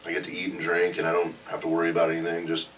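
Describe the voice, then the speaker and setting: Low-voiced easygoing man, distant mic. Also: completely flat delivery, racing, a bit bright, slight background noise. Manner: easygoing, laughs often, trails off with fillers. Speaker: powerlifter guest. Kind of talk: casual podcast chat.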